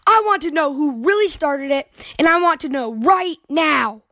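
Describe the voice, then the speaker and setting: Fed-up storybook mama bear, loud and firm, read by a woman. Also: sits high, animated, moderate pace, no echo, studio quality, voice pushed up, exaggerated voice. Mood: angry shouting. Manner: shouting, firm. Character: angry mother bear, stern and fed up.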